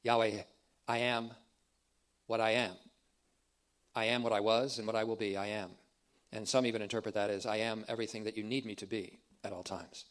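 A man teaching a theological sermon, deliberate and emphatic, repeating key phrases for emphasis. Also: lowish voice, level tone, fairly bright tone. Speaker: preacher.

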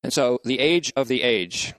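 A man's voice: medium pitch, lively intonation, moderate pace, a bit bright, no echo. Methodical man teaching scripture, dry sound. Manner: methodical, spells out words letter by letter. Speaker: bible teacher. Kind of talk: scriptural lecture.

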